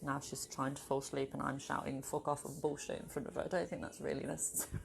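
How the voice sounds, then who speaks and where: Low-voiced swearing woman vlogger. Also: flat delivery, quick pace, creaky, slight background noise. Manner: rambling, swears freely, bursts into laughter and playful voices. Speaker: spiritual vlogger. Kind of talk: casual chat to camera. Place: home with her dog. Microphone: camera on a tripod.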